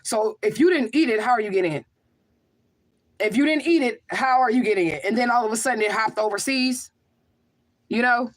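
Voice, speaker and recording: A woman's voice: fairly high pitch, brisk. Emphatic woman chatting on a livestream. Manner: emphatic, rhetorical, keeps asking "okay?" and "y'all remember?". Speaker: livestream host and spiritual medium. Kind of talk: casual livestream chat reading viewer comments.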